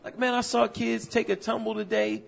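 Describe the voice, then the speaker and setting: A man co-hosting a podcast, telling stories in loose, animated casual chat full of slang and swearing. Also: sits high, normal speed, vocal fry. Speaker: podcast co-host.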